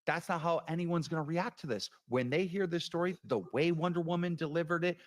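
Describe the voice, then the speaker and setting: A man's voice: on the high side, brisk. A man chatting casually on a commentary show, often hesitant and searching for words. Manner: hesitant, many fillers and restarts.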